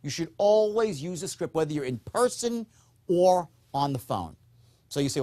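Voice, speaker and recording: A man teaching a recorded sales course, speaking emphatically and often checking in with a quick "okay?". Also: fairly high pitch, big pitch swings, mellow. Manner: acts out upbeat and dull tones in demonstrations. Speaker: sales trainer.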